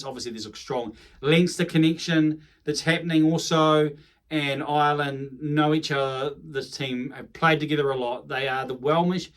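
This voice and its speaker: A man with a New Zealand accent talks through a rugby preview in a casual, rambling way. His voice sits a little high. He corrects himself as he goes and drifts into chatty asides. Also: a bit bright. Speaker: rugby commentator.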